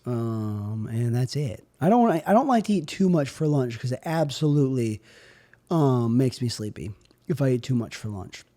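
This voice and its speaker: A young man hosting a solo podcast, riffing on absurd bits in a rambling, offhand way. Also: normal speed. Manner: absurd deadpan riffing, drifting in pitch and loudness. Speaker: podcast host.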